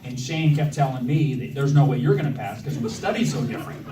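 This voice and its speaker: A man's voice: medium pitch, brisk, noisy background. A man in his thirties giving a wedding speech for his brother, joking and self-deprecating, with many fillers and restarts. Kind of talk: wedding toast. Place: wedding reception hall. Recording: echoey hall from far off, loud crowd ambience.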